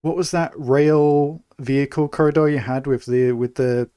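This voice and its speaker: A young man from England giving relaxed, chatty live commentary while he plays a city-building game, thinking aloud as he goes. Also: on the high side, normal speed, smooth, no room sound, clean studio sound. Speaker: streamer.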